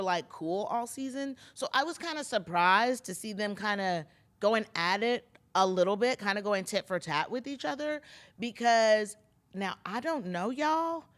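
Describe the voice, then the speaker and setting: A chatty woman with a slightly high voice, recapping reality TV in a casual, gossipy way. Her pitch swings widely as she talks. She makes lots of asides straight to her listeners. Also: fairly bright tone. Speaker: pop culture podcast host.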